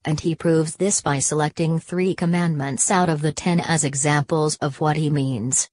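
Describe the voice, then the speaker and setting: A woman reading an old Bible commentary aloud in a measured, even way. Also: sits low, no room sound.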